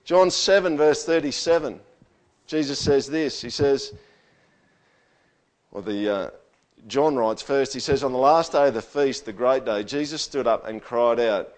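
A man preaching a sermon to his church. He swings from near-whispers to loud, booming scripture quotes and often asks the room to answer back. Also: unhurried. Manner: asks the congregation for agreement. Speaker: pastor. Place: church hall with live sound. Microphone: stage microphone through a sound system.

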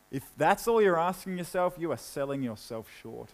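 Man, young adult, sermon, casual and chatty, slightly high voice, hushed scripture readings. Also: animated, normal speed, hardly any pauses, poor audio. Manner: casual, conversational with frequent "like"; drops low and quiet when reading scripture. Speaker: pastor.

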